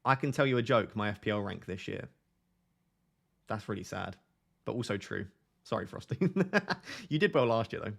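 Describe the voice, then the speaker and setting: A man's voice: lowish voice, expressive, moderate pace, vocal fry, pauses often, fairly bright tone. A man hosting a casual fantasy football live stream, reading viewer comments aloud and joking and laughing with them.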